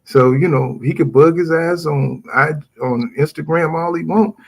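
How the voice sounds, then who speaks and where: A man hosting a relaxed boxing talk show, with a husky, somewhat breathy voice. He talks animatedly and reads viewers' comments aloud between his own opinions. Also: on the high side, moderate pace. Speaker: boxing podcast host. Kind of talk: casual chat.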